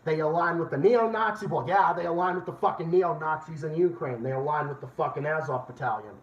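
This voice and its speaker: A man's voice: fairly high pitch, a little fast, recorded from a distance. Angry swearing male stream host. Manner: angry, swearing, repeats himself. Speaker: livestream host. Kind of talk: profane political rant. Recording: echoey room, dull lo-fi sound.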